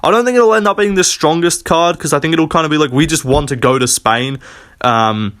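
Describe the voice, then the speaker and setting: A man's voice: fairly high pitch, fairly quick, a bit bright, clear, resonant tone. Blunt, profane young man ranting casually. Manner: blunt, profane, rambling with frequent fillers. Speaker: MMA commentator. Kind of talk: casual solo prediction rant.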